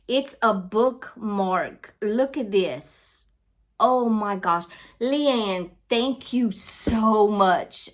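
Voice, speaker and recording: Woman host, slow easy delivery, chatty and gushing, casual vlog. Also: medium pitch. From Louisiana, US. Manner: chatty, gushing, talks straight to viewers with lots of "y'all". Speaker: craft and book channel host.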